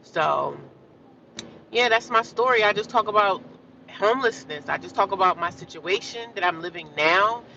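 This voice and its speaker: A woman from New Jersey talks straight into her phone on a live stream, blunt and outspoken with her viewers. Her voice is bright and forward. The sound is a little muffled, with faint traffic in the background. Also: medium pitch, expressive, normal speed. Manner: blunt, ranting at trolls, then chatty with viewers. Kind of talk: casual live-stream talk.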